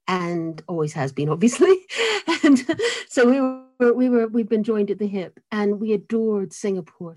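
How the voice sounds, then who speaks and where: An older American woman with an accent between American and British, telling her life story as an interview guest, animated and self-deprecating with frequent laughs. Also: mid-range voice. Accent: mid-Atlantic mix of American and British. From United States. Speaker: guest author and cellist.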